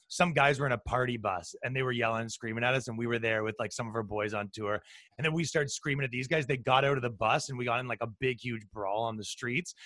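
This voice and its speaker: A man's voice: medium pitch, dry recording. A man chatting casually on a podcast, telling rowdy anecdotes with lots of swearing. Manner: profane, animated storyteller. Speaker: podcast guest, touring ska musician. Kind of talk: casual chat, storytelling.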